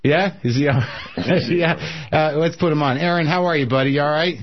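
A man's voice: on the high side, normal speed, slight background noise. A man hosting a talk radio show, chatting casually and joking with plenty of fillers and restarts. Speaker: radio host. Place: radio studio. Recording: dull lo-fi radio broadcast.

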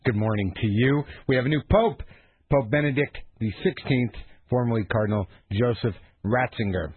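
Brief: husky male radio host, sarcastic and rambling, dry narrow studio sound. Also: mid-range voice, normal speed, no echo. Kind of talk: morning radio talk show.

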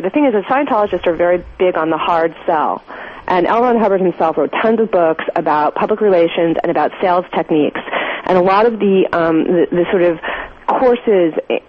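A woman's voice: on the low side, highs cut off, a little hiss or hum. A woman journalist, a guest on a radio interview, explaining her reporting in an earnest, emphatic way.

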